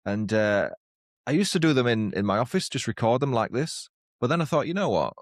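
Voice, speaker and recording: A man's voice: mid-range voice, expressive, brisk, no echo, clean studio sound. A man co-hosting a podcast in casual chat, who often laughs at his own jokes. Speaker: podcast co-host. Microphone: lapel mic on walks, studio mic here.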